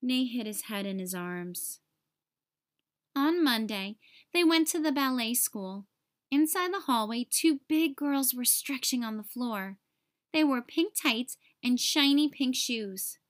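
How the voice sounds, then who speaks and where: A woman teacher narrating a children's picture book aloud, with expressive storytelling. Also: fairly high pitch, slow. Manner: expressive, sing-song storytelling.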